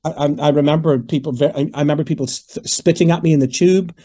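Man, Northern Irish accent, fifties, dark mellow voice, rambling animated anecdotes. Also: a little high, quick pace. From Northern Ireland. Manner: animated, digressive, acts out quoted voices. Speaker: interview guest, singer. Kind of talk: conversational storytelling.

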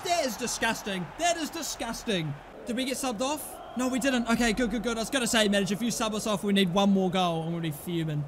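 A young man commentating his own football video game, excitable, groaning and then yelling at the play. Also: high-pitched, fast, hardly any pauses, slight background noise. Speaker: gaming commentator. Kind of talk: live gameplay commentary.

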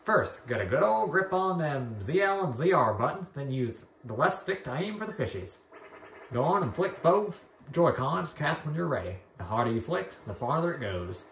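A man's voice: a little high, big pitch swings, normal speed, fairly bright tone, roomy sound, a little hiss or hum, pitched above the performer's own voice, poor audio. A man voicing a folksy country man who teaches fishing, in a drawling funny voice.

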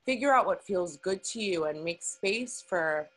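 A woman's voice: lowish voice, expressive, a little slow, fairly bright tone, soft background music, low-quality recording. A woman hosting a podcast, talking in an emotional, encouraging and emphatic way. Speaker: podcast host. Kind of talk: casual interview chat.

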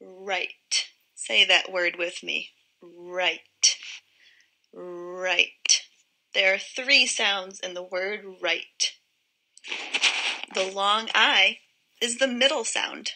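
A woman teaching a phonics lesson to young children, modelling each word sound slowly and clearly. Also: medium pitch, fairly even intonation, sharp tone, poor audio.

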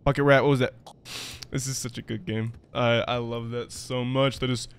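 A man's voice: mid-range voice, level tone, normal speed, a little hiss or hum. A young man hosting a let's-play, joking, swearing and laughing as he reacts. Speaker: gaming video host.

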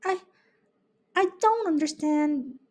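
A woman's voice: high voice, expressive, takes it slowly, a little mellow, pitched above the performer's own voice. A woman voicing a young, curious fawn in a storybook reading, asking wide-eyed questions.

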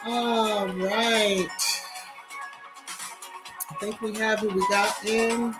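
A woman's voice: medium pitch, level tone, drawn-out words, over loud music, rough recording. A woman hosting a casual live stream, greeting viewers by name and chatting emphatically. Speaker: YouTube livestream host. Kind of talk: casual live-chat commentary.

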